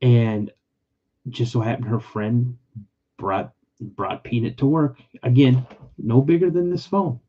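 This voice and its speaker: A man's voice: medium pitch, slow pace, lo-fi sound. A man hosting a casual livestream podcast, rambling and emotional, often repeating himself as he tells personal stories. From California. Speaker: podcast host.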